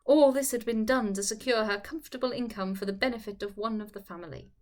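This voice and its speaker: A woman reading a nineteenth-century novel aloud in a measured, formal way. Her voice sits fairly high. The delivery is steady and clear throughout. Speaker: audiobook reader. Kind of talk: scripted narration of a classic novel.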